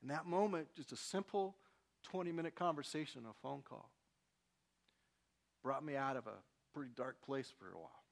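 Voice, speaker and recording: A male pastor preaching a sermon, swinging from loud, emphatic lines to quiet, personal confiding. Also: mid-range voice, normal speed, gravelly, long pauses.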